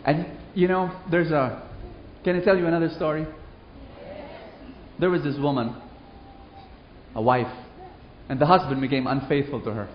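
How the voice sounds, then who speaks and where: Brief: lively male preacher, sermon with stories, slightly high voice, muffled roomy hall. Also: moderate pace, pauses often, slight background noise. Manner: animated, call-and-response. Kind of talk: sermon with storytelling. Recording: roomy, dull hall recording.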